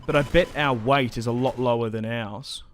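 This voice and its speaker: A young man giving casual, chatty commentary while playing a strategy game, getting excited and laughing often. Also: mid-range voice, normal speed, a little hiss or hum. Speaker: gaming YouTuber.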